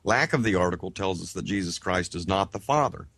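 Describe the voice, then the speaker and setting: A man with a low voice, recorded close and dry with no room sound. He reads a grammar textbook aloud in measured phrases, then slips into casual asides. He sounds out Greek words slowly and carefully as he teaches. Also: animated, a bit bright, no room sound. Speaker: co-host of a Bible Greek study show.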